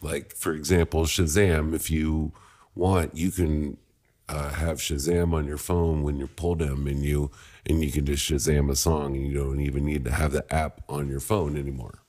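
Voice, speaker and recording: A man's voice: a bass voice, level tone, moderate pace, a little mellow. A man co-hosting a podcast, chatting loosely, swearing often and laughing as he tells stories. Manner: loose, profane, laughing storyteller. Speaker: podcast co-host. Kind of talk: casual chat.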